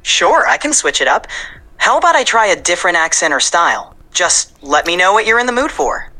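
A woman's voice: on the low side, very animated, a little fast, sharp tone. A computer-generated female voice of an AI assistant, upbeat and accommodating, chatting like a podcast guest. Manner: upbeat, accommodating, eager to please.

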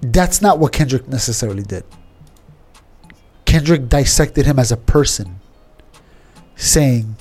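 A man's voice: medium pitch, expressive, measured pace, pauses often, a little mellow, slightly rough, faint music behind. Rambling guy with lots of restarts. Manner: rambling with many restarts and filler; calls listener "bro". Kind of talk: casual chat.

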